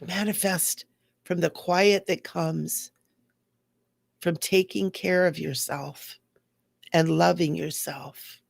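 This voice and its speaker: A middle-aged woman speaks as a spiritual teacher, earnest and heartfelt, slipping into the voices of the people she describes. Her voice has a gravelly fry running through it. The sound is dry, with little room around it. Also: on the low side, steady tone, slow, long pauses, no echo. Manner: earnest, acts out quoted voices.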